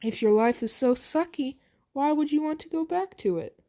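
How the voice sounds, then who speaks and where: A woman voicing a cruel male mad scientist who gloats in drawn-out words in an amateur fan story reading. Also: high voice, voice pushed up. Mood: cold. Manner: gloating, drawn-out, rising to excited cries.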